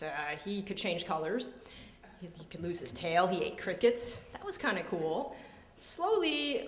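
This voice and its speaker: A woman in her thirties tells a personal story live, playful and amused at herself. She acts out the voices of the people in it. Her voice is of middling pitch and rings with a long echo in a large hall. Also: fairly bright tone. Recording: echoey hall.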